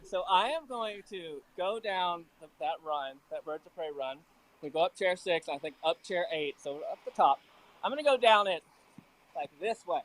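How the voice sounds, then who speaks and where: A man's voice: high voice, lively intonation, moderate pace, fairly bright tone, poor audio. A man from Alabama with a Southern accent, chatting through a live report from outdoors at a ski lift. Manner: chatty, self-deprecating. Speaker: field reporter.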